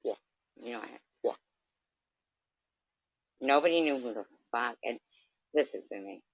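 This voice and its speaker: A woman's voice: very deep voice, lively intonation, measured pace, creaky, breathy edge, no echo, lo-fi sound. A woman delivering a confrontational, profane rant straight at someone on her livestream, sometimes mocking them. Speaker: vlogger.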